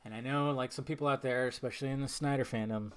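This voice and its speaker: A young man hosting a casual solo podcast, swearing freely and swinging between low mumbled asides and loud, exasperated outbursts. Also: steady tone, fast talker, clean tone. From Southern California. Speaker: podcast host.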